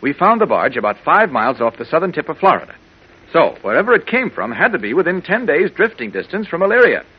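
A man's voice: a little high, big pitch swings, fast, slightly rough. A man playing a reporter, patient and reasoning as he works through a puzzle, in a 1940s radio drama. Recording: dull old radio broadcast recording.

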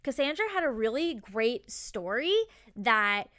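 A woman's voice: a little high, lively intonation, a little slow, bright, forceful tone, dry recording, clean studio sound. A young adult woman hosting a podcast, upbeat and effusive as she introduces and interviews her guest. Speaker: podcast host.

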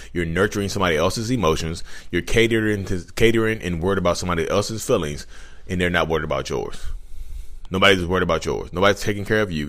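A man's voice: low-pitched, a bit bright. A man hosting his own channel, talking casually to viewers, chatty with frequent restarts. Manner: restarts often, chatty, addresses viewers as y'all. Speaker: podcast host. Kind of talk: casual talk to camera.

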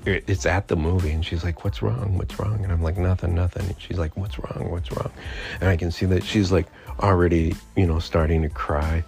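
Man, middle-aged, very low voice, mellow tone, rambling personal story, soft music behind. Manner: rambling, reflective, many fillers and restarts. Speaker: podcast host.

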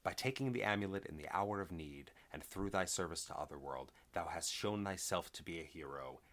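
Deep mysterious voice from nowhere, slow and ceremonial , a guy reading it. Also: animated, a bit bright. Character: mysterious disembodied voice granting power.

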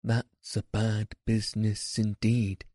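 A man's voice: on the low side, monotone, slow pace, dark tone, dry recording, studio quality. A man voicing a burly, kindly engine driver who talks in a homely, plain-spoken way in a storybook. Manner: homely, folksy, reflective.

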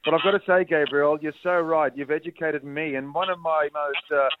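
A man's voice: on the high side, steady tone, a little hiss or hum. Chatty man on a tinny phone line. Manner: chatty, many "uh" pauses, reminiscing. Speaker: cycling broadcaster guest. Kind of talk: casual radio chat.

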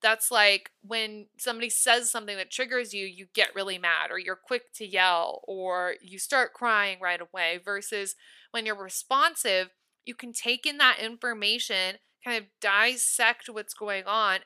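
A woman's voice: mid-range voice, pushed and bright, clear, resonant tone. A young woman in her twenties hosting a solo podcast, chatty and upbeat, full of "like" fillers. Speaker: podcast host. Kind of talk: casual solo podcast talk.

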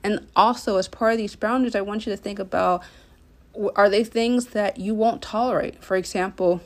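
A woman's voice: mid-range voice, fairly even intonation, normal speed. A woman hosting a solo self-care podcast, talking earnestly and encouraging the listener directly. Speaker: podcast host and coach.

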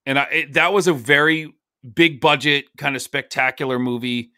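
A man co-hosting a podcast, giving blunt, dry verdicts in a relaxed chat. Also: a little high, normal speed, smooth, dry recording. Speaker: podcast co-host. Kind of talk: casual chat.

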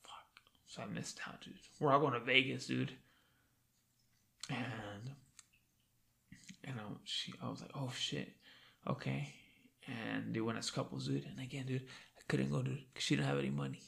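Gravelly young man telling stories. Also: medium pitch, fairly even intonation, moderate pace, pauses often, bright, forceful tone. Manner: profane, says "dude" constantly. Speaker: podcast host. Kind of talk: casual storytelling chat.

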